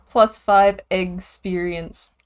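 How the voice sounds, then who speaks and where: A young woman chatting casually and giggling as she draws, rambling and often trailing off quietly. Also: mid-range voice, big pitch swings, very slow. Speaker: streamer drawing goose characters. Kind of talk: casual chat while drawing.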